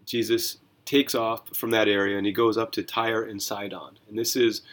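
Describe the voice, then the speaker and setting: A man hosting a Bible reading podcast as a pastor, talking through scripture in a conversational, animated way with rhetorical questions. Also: on the low side, moderate pace.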